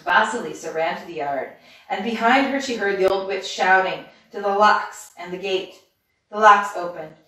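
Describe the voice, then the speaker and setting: A woman's voice: mid-range voice, normal speed, a bit bright. Woman reading a fairy tale, far-off echo. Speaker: storyteller. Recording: roomy, distant mic.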